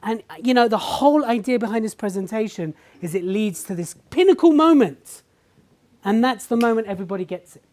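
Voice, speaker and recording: A woman giving an animated stage talk to a live audience. She tells stories, acts out people's reactions and keeps asking the audience questions. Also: a little high, fairly quick. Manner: animated storytelling, acting out reactions. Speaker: public speaker.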